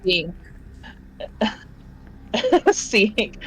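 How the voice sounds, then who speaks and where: A woman's voice: medium pitch, lively intonation, normal speed, low-quality recording. A woman narrating a tabletop horror game as game master. She talks in a chatty, rambling way, full of fillers and giggles.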